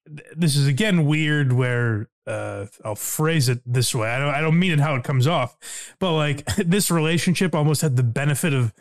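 A man's voice: a little high, moderate pace. A male podcast host giving reflective commentary, laughing often and using plenty of fillers.

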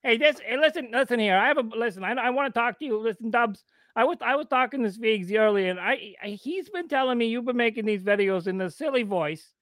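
A man's voice: very high voice, animated, brisk, fairly bright tone, no echo, studio quality, voice pushed up. A man voicing a touchy, indignant tough guy with a put-on New York or Boston accent who stammers and rambles. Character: touchy adult man angry about being mocked. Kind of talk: improvised comedy bit.

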